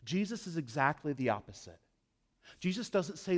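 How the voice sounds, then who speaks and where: A man with a somewhat high voice delivers a sermon. He talks straight to his listeners, building to loud emphatic lines and then sinking into low, hushed ones. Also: sing-song, normal speed. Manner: direct address to listeners. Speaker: pastor.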